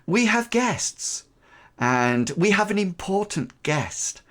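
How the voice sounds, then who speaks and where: A man doing a gentle, lyrical peacemaker. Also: high-pitched, sing-song, slow pace, pitched above the performer's own voice, full character voice. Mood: soothing. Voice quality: gentle, lyrical, barely raised voice. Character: calm, softly spoken man calming a bar brawl.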